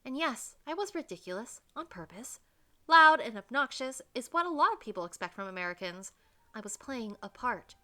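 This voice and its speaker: A woman voicing a brash, defensive young American woman, narrating a visual novel in first person with brisk retorts. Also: a little high, very animated, bright, forceful tone.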